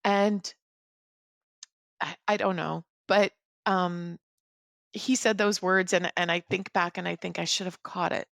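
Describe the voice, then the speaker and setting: A middle-aged woman telling a personal story as a podcast guest, in an earnest, halting, reflective way. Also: on the low side, fairly even intonation, creaky, a bit bright, dry recording, studio quality.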